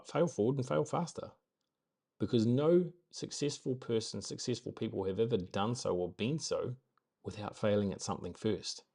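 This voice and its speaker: A New Zealand man with a fairly low voice hosts a relaxed morning live stream. He chats in an upbeat, rambling way and circles back to repeat his main points for emphasis. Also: gravelly. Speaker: host of a daily live stream. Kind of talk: casual motivational live-stream chat.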